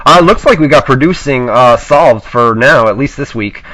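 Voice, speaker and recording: A man's voice: medium pitch, lively intonation. Sick-sounding man hosting radio, noisy. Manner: laid-back, halting, lots of fillers. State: sick, a bit shaky voice. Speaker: host. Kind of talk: casual internet radio chat.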